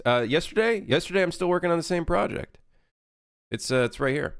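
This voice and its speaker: A man's voice: fairly high pitch, expressive, a little fast, a bit bright, clear, resonant tone, dry recording, clean studio sound. A young man chatting casually on a game development live stream, rambling and correcting himself as he reads chat.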